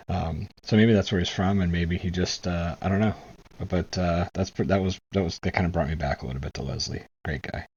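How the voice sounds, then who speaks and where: A very low, husky American man talks casually to his viewers, thinking out loud and groping for words. The sound is a bit dull and muffled. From United States. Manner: musing, searching for words. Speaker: reaction video host. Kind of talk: casual commentary.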